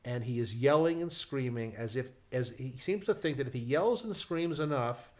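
A man telling a casual anecdote in an animated way, acting out the people in it. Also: mid-range voice, moderate pace. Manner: animated, acts out quoted voices, restarts. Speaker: storyteller guest.

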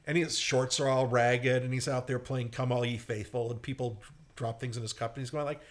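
A man in casual conversation, telling old cartoon plots with lively energy. His voice sits at an ordinary middle pitch. He breaks into squeaky little character voices now and then. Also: brisk. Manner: animated storyteller, acts out squeaky cartoon voices in quotes. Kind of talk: casual chat.

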